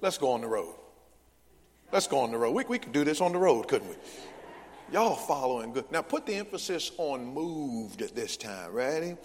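A male pastor preaching a sermon, leading the congregation in call-and-response with loud, emphatic bursts. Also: medium pitch, very animated, moderate pace, a little hiss or hum. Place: large church sanctuary. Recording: long church hall reverb.

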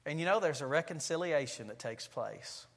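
A man in his forties, a pastor preaching a sermon in a church sanctuary and telling family stories with lively, acted-out delivery. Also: a little high, moderate pace, long reverb tail. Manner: animated storytelling preacher, acting out family scenes.

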